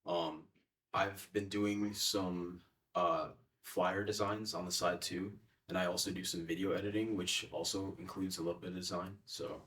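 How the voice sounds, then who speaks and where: A man's voice: deep voice, flat delivery, moderate pace, fairly bright tone, recorded from a distance. A young man answering interview questions in a casual, hesitant way with many fillers. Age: young adult.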